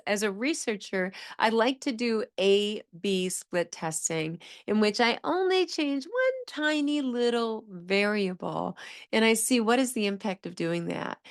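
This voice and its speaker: An adult woman speaks in an educational podcast monologue, clear and engaged. She acts out short children's phrases in a higher, livelier voice. Her tone is enthusiastic and encouraging. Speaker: podcast host, speech-language pathologist.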